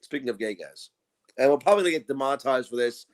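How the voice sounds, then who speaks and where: A man's voice: medium pitch, quick pace, slight background noise. A man co-hosting a podcast, telling crude stories in casual chat, swearing freely and mimicking the people he quotes. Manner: profane, animated storytelling with mocking quoted voices. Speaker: podcast co-host.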